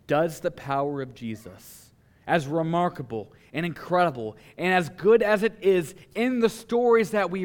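A male pastor delivering a sermon in a voice that sits fairly high for a man. He leans on dramatic pauses and swings between hushed, low passages and forceful declarations.

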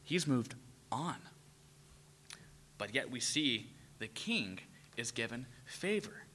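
A man preaching a sermon, animated, asking the audience questions and acting out voices. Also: mid-range voice, takes it slowly, slight background noise.

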